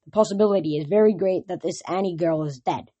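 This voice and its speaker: A woman reading aloud, voicing a snide male god with a slow, bored drawl and a husky tone. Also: fairly low pitch, warm tone, no echo, muffled recording.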